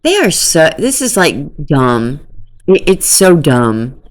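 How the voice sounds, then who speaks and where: A woman talks through old messages in casual true-crime commentary. Her voice is low for a woman and very unhurried. She drops dry, amused asides between readings and often laughs. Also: big pitch swings.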